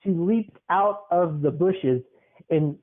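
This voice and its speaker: A man spins a rambling comic tale on a podcast and keeps laughing as he goes. His voice sits high. The audio is thin and tinny, like a phone line. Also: slow pace. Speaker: podcast co-host. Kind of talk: comedic storytelling.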